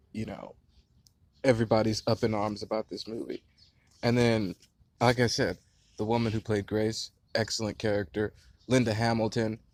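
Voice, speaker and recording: A man in his late twenties giving a passionate, profane, rambling movie review outdoors. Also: on the low side. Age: late 20s. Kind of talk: casual rant-style review. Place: outdoors near a beehive.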